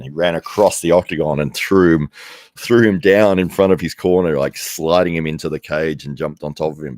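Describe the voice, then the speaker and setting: A man's voice: rumbling low, a little mellow, dry recording, studio quality. An Australian man hosting a live commentary stream, rambling casually to viewers with frequent laughs and restarts. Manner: rambling, laughs often, self-correcting. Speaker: livestream commentary host. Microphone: desk microphone, no headphones.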